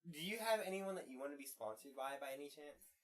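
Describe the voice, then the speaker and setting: A woman's voice: low-pitched, expressive, quick pace. A young adult woman hosting a casual podcast chat, telling stories in a rambling way with lots of "like" fillers. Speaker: podcast host.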